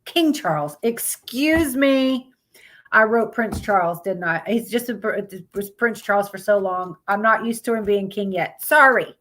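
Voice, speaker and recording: A woman's voice: mid-range voice, a little slow, fairly bright tone. A woman hosting a casual live stream, greeting viewers by name and reading out topics aloud with stumbles and blunt asides.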